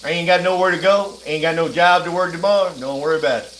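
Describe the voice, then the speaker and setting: A man's voice: a little high, quick pace, a bit bright, a little hiss or hum. A man, chatting loosely on a livestream while cooking, drawling, rambling and laughing often. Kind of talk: casual livestream chat. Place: at home, cooking. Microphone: phone. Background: food frying and sizzling.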